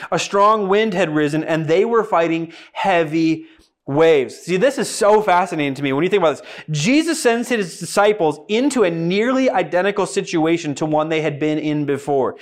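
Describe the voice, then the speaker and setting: A young man preaching a sermon, animated and emphatic, with dramatic pauses and bursts of humor. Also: high voice. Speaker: pastor.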